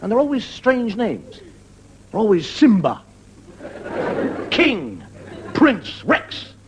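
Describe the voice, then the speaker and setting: A man's voice: sits high, huge pitch swings, takes it slowly, husky, rough recording. A man doing a stand-up monologue for a live audience, telling stories in a wry, conversational way. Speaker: stand-up comedian. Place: stage before a live audience. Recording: loud live audience laughter.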